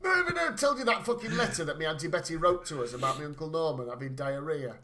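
A man's voice: fairly high pitch, fast, a little hiss or hum. A man telling funny family stories in casual chat, swearing freely and laughing as he talks. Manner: animated storyteller, swears freely, laughs while talking.

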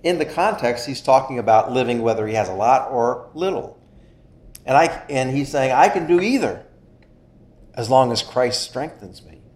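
A man preaching a sermon in an earnest style, stressing key phrases slowly. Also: mid-range voice, lively intonation, darkish tone. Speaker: pastor. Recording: echoey room.

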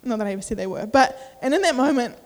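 Young woman, high voice, sermon, casual and emotional delivery, long hall reverb. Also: expressive, quick pace. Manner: casual, emotional, uses many fillers. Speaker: preacher. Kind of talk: sermon with personal story.

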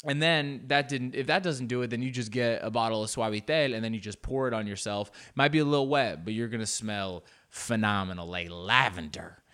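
A man's voice: lowish voice, brisk, few pauses, a bit bright, smooth. Rambling, playful male storyteller. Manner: rambling, loose, full of fillers and restarts, playful asides. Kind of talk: storytelling comedy monologue.

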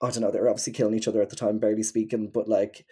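Husky-voiced woman chatting casually. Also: very deep voice, level tone, very fast, warm tone. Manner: chatty, rambling, many fillers. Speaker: podcast co-host. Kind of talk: casual chat.

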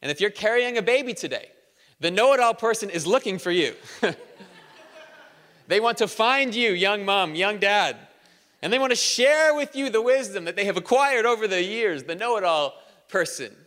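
A man preaching a sermon in a church, energetic and conversational, with humor. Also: high voice, moderate pace, in a large hall. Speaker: pastor. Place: church auditorium.

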